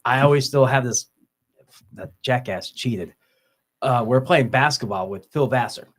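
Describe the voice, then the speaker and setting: A man's voice: mid-range voice, a little slow. A man telling stories in casual podcast chat, often laughing and acting out the voices of people he quotes. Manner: swears casually, repeats words. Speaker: podcast host.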